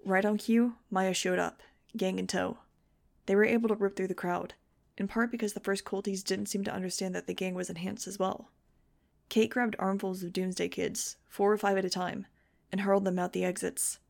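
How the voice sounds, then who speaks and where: A woman's voice: mid-range voice, gravelly, a little mellow. A woman narrating a novel in a wry first-person style for a fan audiobook. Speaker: audiobook reader.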